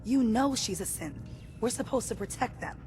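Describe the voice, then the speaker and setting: A woman's voice: fairly high pitch, animated, normal speed, a little mellow, in a large hall, slight background noise, natural voice. An actress voicing a tough woman fighter in a game, speaking tersely and reluctantly in her grief. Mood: grim. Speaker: game character.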